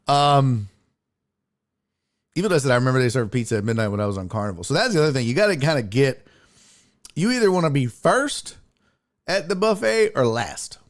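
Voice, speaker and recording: A man hosting a stream, telling stories in casual chat with profanity and big, lively swings in his voice. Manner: animated, profane storytelling with big pitch jumps. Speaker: streamer host.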